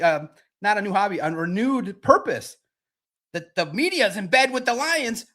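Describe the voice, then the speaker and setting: A man in his forties with a fairly high voice, riffing in a loose livestream monologue. He is brash and boastful, swears freely and gets worked up easily. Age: 40s. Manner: brash, profane, boastful, excitable. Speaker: sports podcast host.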